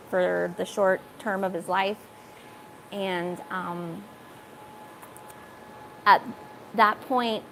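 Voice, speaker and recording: A woman's voice: medium pitch, gravelly. A woman talks through childhood memories in a loose, rambling way. She stops and restarts often, filling the gaps with "um" and "you know". Faint background noise sits under her voice. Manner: rambling, halting, many fillers and restarts. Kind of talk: personal storytelling.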